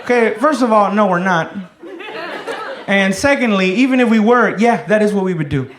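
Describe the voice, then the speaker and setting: High-voiced profane male stand-up comic. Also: expressive, moderate pace. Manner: loud, profane storytelling with shouted bits. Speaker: stand-up comedian. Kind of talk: stand-up comedy set. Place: comedy club stage with a laughing audience. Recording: echoey room, noisy live audience.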